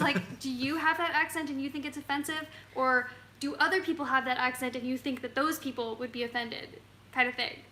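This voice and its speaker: A woman's voice: high voice, bright, forceful tone, echoey room, slight background noise. A young woman co-hosting a casual live stream from her couch at home, chatty, laughing often and reading out viewer comments. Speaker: co-host of a travel channel live stream.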